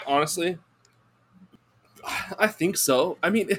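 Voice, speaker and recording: Podcast guest: a man with a bright, forceful voice, excitable and laughing. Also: a little high, takes it slowly, a little hiss or hum. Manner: excitable, laughing, stumbling restarts. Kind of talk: casual chat.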